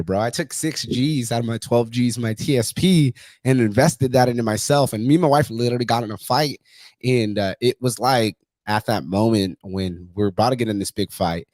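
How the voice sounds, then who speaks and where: A man's voice: mid-range voice, fast talker, darkish tone, dry recording. A man in his thirties hosting a podcast, telling stories in a blunt, fired-up way and swearing constantly. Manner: blunt, heavily profane storytelling; intense, fired-up delivery. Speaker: podcast host. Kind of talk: casual podcast conversation.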